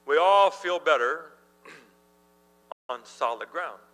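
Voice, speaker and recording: A middle-aged man preaches in a church and tells his stories with lively energy, chuckling along the way. His voice is fairly high for a man and very bright and ringing. A low electrical hum sits under the recording. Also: drawn-out words, in a large hall, poor audio. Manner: animated storyteller, laughs while telling. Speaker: pastor. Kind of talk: sermon with storytelling.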